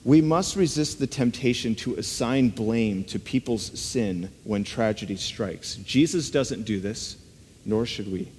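A preacher delivers his sermon in an ordinary pitch, earnest and conversational, frequently pausing after rhetorical questions. His darkish voice echoes with the long reverb of a large hall, over slight background noise.

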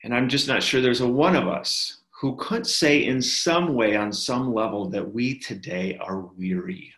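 A man giving a sermon as a pastor, talking in a slow, gentle, reflective way with many fillers and pauses. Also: mid-range voice. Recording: echoey room.

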